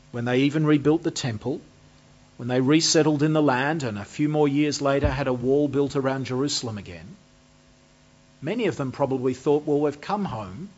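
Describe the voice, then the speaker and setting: A man with a slightly husky voice preaches a sermon at a measured pace. He slows down to stress key phrases as he explains a scripture passage. The recording sounds dull and lo-fi. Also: mid-range voice, a little mellow.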